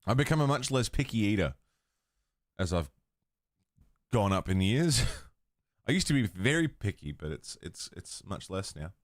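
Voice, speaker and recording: A man's voice: fairly low pitch, sing-song, normal speed, pauses often, no echo, clean studio sound. A man hosting a livestream, chatting casually with his viewers, swearing freely and laughing often. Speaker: livestream host. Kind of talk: casual chat with stream chat.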